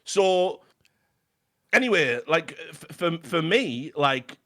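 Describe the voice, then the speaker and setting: A man's voice: a little high, expressive, slow, a bit bright. A British man on a podcast, telling a story in casual chat, swearing freely and restarting his sentences. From Britain. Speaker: podcast guest.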